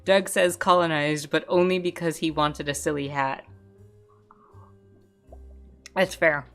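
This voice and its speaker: A woman's voice: low-pitched, steady tone, moderate pace, a bit bright, faint music behind. Giggly woman streaming a game. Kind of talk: casual gameplay commentary.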